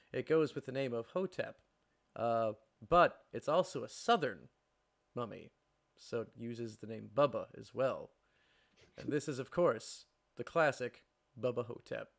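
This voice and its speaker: A man's voice: medium pitch, a little slow, vocal fry. A man in his thirties co-hosting a casual movie podcast, telling a story with lots of fillers and frequent laughs. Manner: rambling, laughs often, fillers. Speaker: podcast co-host. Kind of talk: casual chat about movies.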